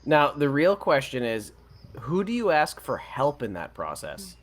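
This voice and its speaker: A man's voice: a little high, wildly swooping pitch, measured pace. A man on a casual group chat who makes dry joking asides.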